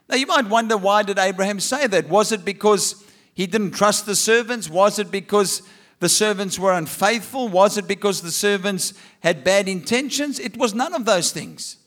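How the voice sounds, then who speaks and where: Man preaching, high voice, rhetorical questions, joking asides. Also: fairly bright tone. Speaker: pastor. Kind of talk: sermon.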